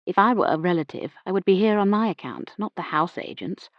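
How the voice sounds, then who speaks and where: Low-voiced woman narrating an audiobook. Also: expressive, fairly quick, no room sound, dull audio. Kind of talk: first-person scripted narration.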